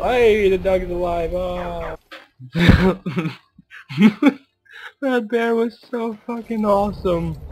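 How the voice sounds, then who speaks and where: A man giving casual gameplay commentary, swearing often and swinging between loud outbursts and muttered asides. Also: mid-range voice. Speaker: gaming video host.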